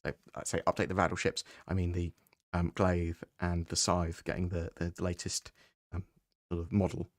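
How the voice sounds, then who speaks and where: A man hosting a casual live-stream Q&A, answering viewer questions in a relaxed, conversational way and thinking aloud as he goes. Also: sits low, moderate pace, dry recording, clean studio sound.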